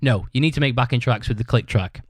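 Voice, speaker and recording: A man's voice: mid-range voice, quick pace, dry recording. A man hosting a podcast, rambling through a story in casual chat, swearing constantly. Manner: acts out other people's shouted lines. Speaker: podcast host.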